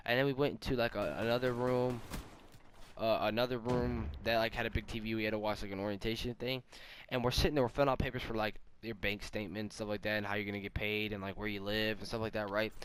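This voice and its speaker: A young man casually telling a rambling, animated story while gaming, full of fillers and asides. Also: mid-range voice, a little hiss or hum. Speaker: vlogger.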